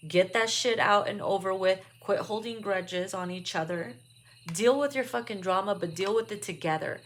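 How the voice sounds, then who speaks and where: A woman's voice: mid-range voice, a bit bright. A woman doing a casual tarot card reading, blunt and profane, laughing often. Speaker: tarot reader.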